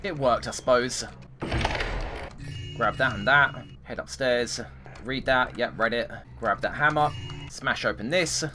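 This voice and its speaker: A man's voice: medium pitch, measured pace, pauses often, over loud music. A man hosting a gaming channel, talking casually to himself as he plays and bursting into frustrated outbursts. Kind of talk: casual let's-play commentary. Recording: game noise behind the voice. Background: game sounds and ambience.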